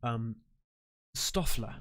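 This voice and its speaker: A man hosting a live stream, chatting casually and excitedly, full of slang and thanking viewers effusively. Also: mid-range voice, drawn-out words. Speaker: livestream host.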